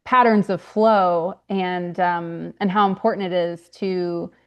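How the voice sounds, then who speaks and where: A woman's voice: fairly low pitch, fairly even intonation, slow pace, clear, resonant tone, lo-fi sound. A young woman, a grief consultant and author, talking earnestly in a podcast interview with frequent fillers and restarts. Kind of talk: podcast interview, casual conversation.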